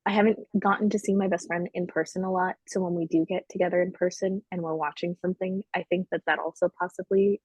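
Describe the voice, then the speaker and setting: Woman, podcast co-host, casual chat, husky, candid, self-mocking, dry sound. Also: fairly low pitch, fairly even intonation, fast talker, few pauses, dry recording, low-quality recording.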